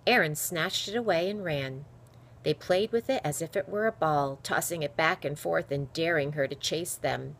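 A woman reading a children's novel aloud with expressive storytelling. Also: low voice. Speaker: reader.

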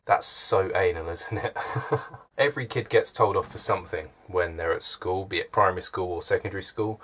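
A man's voice: deep voice, a bit bright. A man, chatting to camera from his room with dry, self-deprecating humour. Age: early 20s. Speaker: vlogger. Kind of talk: casual chat to camera.

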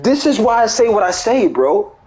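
Heated and profane, a gaming YouTuber repeats himself through an angry gameplay rant to his viewers, capping lines with "bro." His high-pitched, sing-song voice is a little mellow and moves at a moderate pace, with roomy sound and poor audio.

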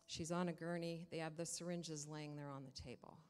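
Lower-voiced woman telling a story in a reverberant church. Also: brisk, clear, resonant tone. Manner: lively storytelling that acts out quoted dialogue. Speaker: church member giving a testimony. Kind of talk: personal story told to a congregation. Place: church sanctuary.

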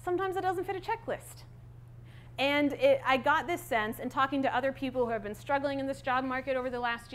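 A woman's voice: high-pitched, fairly bright tone. A woman in her thirties giving a conference talk on stage, candid and conversational with many fillers. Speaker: conference speaker.

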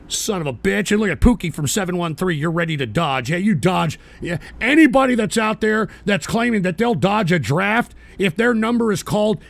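A man hosting a live stream, yelling and swearing at his audience in an angry political rant on a close mic. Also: high voice, lively intonation, moderate pace, vocal fry, no room sound. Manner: shouting, swearing, berating his chat. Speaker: host of a live call-in stream show.

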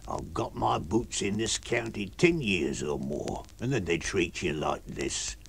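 A man voicing a shabby, grumbling old male tramp in a radio book reading, with a gravelly, husky voice and a slow, sulky way of complaining. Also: sits low, animated, pitched below the performer's own voice, exaggerated voice.

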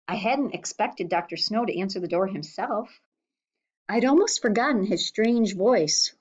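A woman reading a novel chapter aloud for students, with steady, clear storytelling. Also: lowish voice. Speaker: reader. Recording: slightly dull lo-fi recording.

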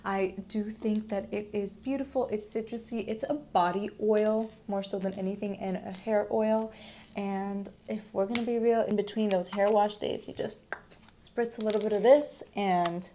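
A young woman chats to her viewers, upbeat and enthusiastic. Her voice sits at an everyday middle pitch, and a faint hiss runs underneath. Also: steady tone, moderate pace, dark tone. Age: young adult. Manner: chatty, enthusiastic, addresses viewers as guys. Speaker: vlogger. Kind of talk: casual beauty product talk to camera.

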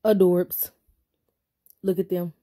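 Young female vlogger, effusive and sassy, warm low tone, unhurried delivery. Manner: animated, sassy and effusive, addresses viewers as y'all and honey. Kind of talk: casual vlog chat.

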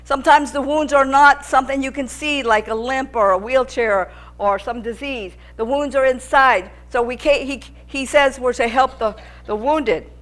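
Earnest higher-voiced woman preaching. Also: moderate pace. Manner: earnest, repetitive preaching that gets louder with emphasis. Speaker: Bible teacher. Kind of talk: sermon teaching.

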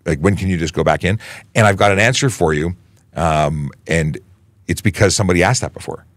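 A man who is a police media relations officer, hosting a casual Q&A livestream and answering viewer questions in a conversational, animated way with frequent restarts. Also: deep voice, a little fast, dry recording. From Canada.

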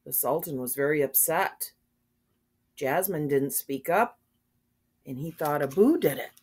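An older woman reading a children's book aloud in a gentle, patient way, pausing to ask her listeners what they think. Her voice sits low for a woman, and she takes her time. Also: husky. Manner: gentle, asks the listener questions. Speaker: storybook reader.

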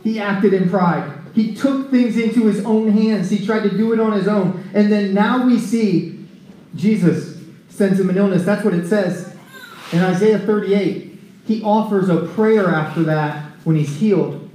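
High-voiced male preacher in an echoey room. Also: a little slow, slight background noise. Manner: animated storytelling, acting out scripture scenes. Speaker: preacher at a recovery ministry. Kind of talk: conversational sermon.

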